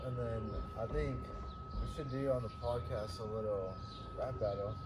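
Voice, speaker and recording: A man's voice: mid-range voice, moderate pace. A man hosting a casual podcast chat, laid-back, mostly chiming in briefly. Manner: laid-back, short agreeing interjections. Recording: distant mic with loud background noise.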